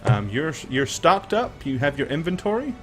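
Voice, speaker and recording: A man's voice: on the high side, moderate pace, faint music behind. Laid-back male game master. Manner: relaxed, hesitant with fillers. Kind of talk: narrating a tabletop game.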